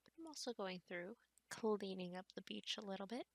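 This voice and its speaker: A woman's voice: mid-range voice, brisk, vocal fry, no room sound. A woman hosting a gaming channel, giving casual let's-play commentary in a chatty, rambling way as she thinks aloud.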